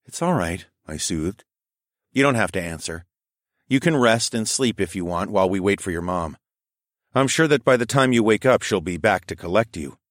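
A man narrating an audiobook in the first person and voicing the lead character, in a calm, measured way. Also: fairly low pitch, no echo, clean studio sound.

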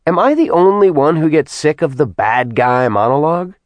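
A woman's voice: low voice, animated, darkish tone, dry recording, pitched above the performer's own voice. A male narrator voicing a sarcastic young woman fighter who mocks her enemies. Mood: bored mocking. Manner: mocking, quick wisecracks.

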